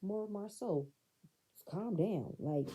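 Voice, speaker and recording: A woman's voice: mid-range voice, expressive, slow, warm tone, breathy edge, poor audio. A woman recapping a reality show in blunt, sassy, profane commentary. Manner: blunt, sassy, profane, talks back to the screen.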